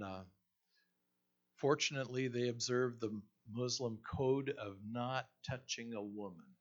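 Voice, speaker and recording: A male pastor delivering a sermon and telling a story slowly, with fillers and restarts. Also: lowish voice. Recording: dull lo-fi recording.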